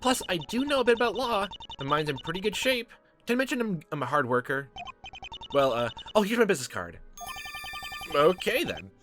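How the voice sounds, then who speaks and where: A man's voice: high voice, big pitch swings, a little fast, pitched above the performer's own voice. Man voicing a bubbly young woman. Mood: eager. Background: game music.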